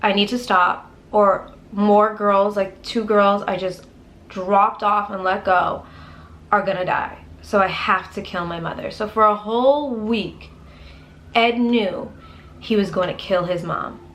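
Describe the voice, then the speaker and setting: A woman's voice: mid-range voice, fairly even intonation, measured pace, fairly bright tone. A woman telling a true crime story in a casual, conversational way as a video host. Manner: casual, conversational, uses filler words.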